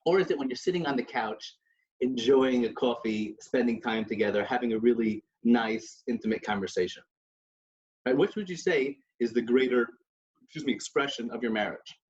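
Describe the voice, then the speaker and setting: Guy chatting on a podcast, mid pitch, lots of restarts and yiddish words, kinda muffled audio. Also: normal speed, darkish tone. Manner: storytelling with many restarts and Yiddish terms. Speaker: podcast co-host. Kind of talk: casual religious discussion. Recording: dull lo-fi recording.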